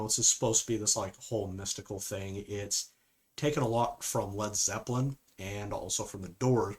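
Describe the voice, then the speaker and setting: A man giving a casual spoken film review, rambling with frequent fillers and "okay?" asides. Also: medium pitch.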